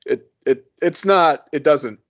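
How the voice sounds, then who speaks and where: A man's voice: a little high, takes it slowly. Laughing man on a podcast. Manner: laughs often, many restarts and fillers. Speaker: podcast co-host or guest. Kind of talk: casual chat. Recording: muffled podcast audio.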